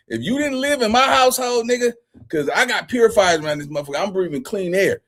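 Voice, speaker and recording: A man's voice: high-pitched, very animated, fast talker. A man in his forties hosting a casual reaction commentary, profane and laughing often. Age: 40s. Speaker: commentary channel host.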